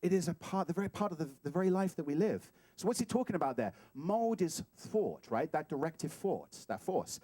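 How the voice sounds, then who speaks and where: Guest preacher, male, tenor-ish, dry close sound, playful and animated delivery. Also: on the high side, a little fast, few pauses, no room sound. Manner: animated and playful, acts out scenes. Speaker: guest speaker at a spiritual center. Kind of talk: sermon. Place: talk hall.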